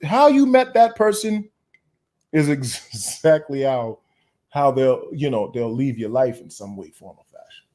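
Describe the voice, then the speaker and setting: A man hosting an interview, encouraging and reflective, often pausing with fillers. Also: medium pitch, animated, mellow. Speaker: host. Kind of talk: conversational interview.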